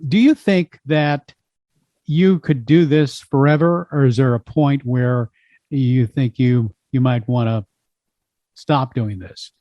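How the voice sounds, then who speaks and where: A man hosting an interview, asking measured, curious questions of his guest. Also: medium pitch, dark tone, dry recording, muffled recording. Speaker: interviewer host.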